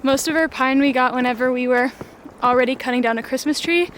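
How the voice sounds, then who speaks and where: A woman's voice: sits high, brisk, a little hiss or hum. A young woman talking casually while walking through a snowy forest, a bit breathless and chatty. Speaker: vlogger. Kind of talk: casual vlog narration.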